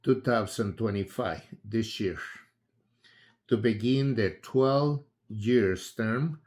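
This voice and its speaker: Slow-talking man. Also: on the low side, a little mellow. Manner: unhurried, halting, with frequent fillers and restarts. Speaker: political commentator. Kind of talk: casual spoken commentary.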